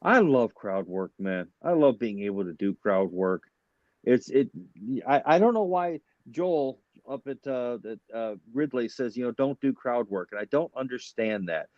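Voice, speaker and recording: Animated man on a dull, dry line. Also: medium pitch, moderate pace, no room sound. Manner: animated storyteller, stammering restarts. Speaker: comedian guest. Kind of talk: casual chat.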